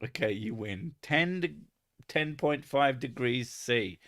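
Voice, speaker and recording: Slow, laid-back English man swearing. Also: mid-range voice, animated, a bit bright. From England. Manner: sweary, laughing, rambling. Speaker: streamer. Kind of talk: casual live-stream chat.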